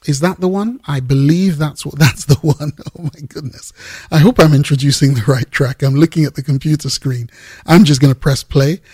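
A man hosting a Christian music program, giving an unhurried, earnest talk between tracks and searching for his words. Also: medium pitch, gravelly, darkish tone, husky, dry recording, clean studio sound.

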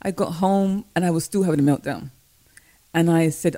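Woman, parent guest, warm low tone, animated storyteller, dry close mic. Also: brisk, dry recording. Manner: animated storyteller, acts out her own reactions. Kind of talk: storytelling in a casual faith-based conversation.

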